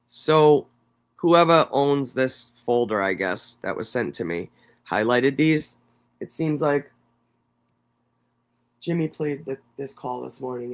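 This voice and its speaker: A man's voice: medium pitch, takes it slowly. A man hosting a livestream, reading court documents aloud and breaking off into blunt, profane commentary. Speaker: livestream host. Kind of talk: casual live commentary.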